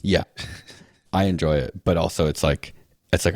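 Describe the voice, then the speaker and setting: A man with an extremely low, deep voice chats as a guest on a podcast. He rambles through thoughts with lots of "like" and restarts, and drops the odd dry sarcastic aside. The sound is close and dry, with no room echo. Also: fairly even intonation, unhurried, darkish tone. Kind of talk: casual interview chat.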